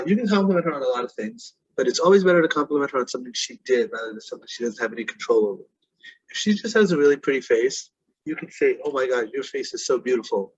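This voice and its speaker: Husky, blunt-talking man. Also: medium pitch, dull audio. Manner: blunt, profane, animated. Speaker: dating coach. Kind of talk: casual advice talk.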